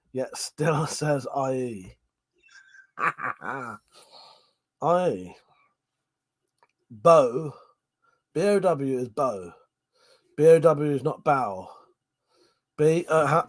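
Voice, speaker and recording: A man's voice: mid-range voice, a bit bright, husky, no room sound. A man hosting a casual live-stream chat, a bit drunk, swearing freely and laughing often. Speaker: livestream host.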